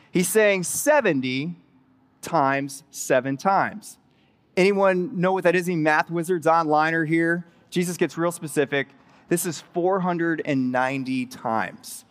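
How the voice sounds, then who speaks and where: A man with a high, bright-pitched voice preaches a sermon, retelling a parable in a loose, conversational way that jumps up into excited asides. His voice carries a long reverb, as if from a church auditorium. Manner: conversational, animated storytelling with rising excited asides. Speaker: pastor. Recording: reverberant hall.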